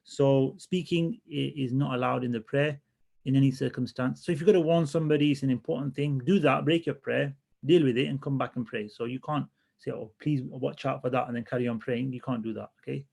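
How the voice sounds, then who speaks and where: A man teaching a religious class in a relaxed, conversational way, often restarting his sentences as he thinks aloud. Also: mid-range voice, a little fast, gravelly. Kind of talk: casual classroom lesson.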